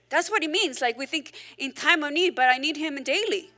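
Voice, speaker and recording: Bright, forceful woman pastor preaching. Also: high-pitched, fairly quick, hardly any pauses. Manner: animated and conversational, with joking asides. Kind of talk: sermon.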